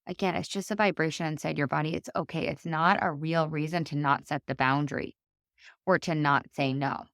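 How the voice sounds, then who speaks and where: Chatty low-voiced woman podcaster. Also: brisk, no echo, clean studio sound. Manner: chatty, animated, acts out quoted dialogue. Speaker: podcast host and life coach. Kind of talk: solo podcast talk.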